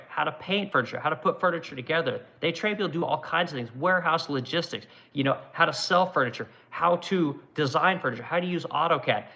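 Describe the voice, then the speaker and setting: A man's voice: fairly high pitch, creaky, bright, forceful tone. A middle-aged man hosting a woodworking livestream, ranting angrily with heavy swearing and frequent "right?" tag questions. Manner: angry, profane, repetitive "right?". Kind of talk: profane livestream rant. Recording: dull lo-fi sound.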